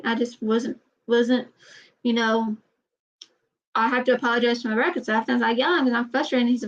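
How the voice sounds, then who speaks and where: A woman talks to the camera in a loose, halting way, with many restarts and trailing sentences. Her voice sits a little high. The recording sounds dull and lo-fi. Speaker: vlogger. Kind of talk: casual personal talk to camera.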